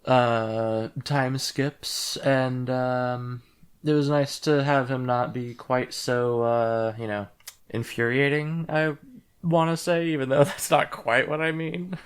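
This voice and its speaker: A man's voice: mid-range voice, steady tone, takes it slowly, smooth. A man co-hosting a podcast, giving his views hesitantly with many ums and uhs in casual chat. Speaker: podcast co-host.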